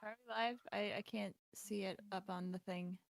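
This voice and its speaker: A woman's voice: mid-range voice, fairly even intonation, normal speed, vocal fry, no echo. A woman chatting casually with her tabletop game group in an easygoing, giggly way.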